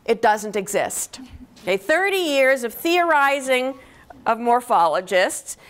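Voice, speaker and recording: Slow, higher-voiced woman lecturing. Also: big pitch swings. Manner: explanatory, checks in with "okay?", frequent "um". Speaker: linguistics professor giving a lecture. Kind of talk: university lecture. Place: lecture hall.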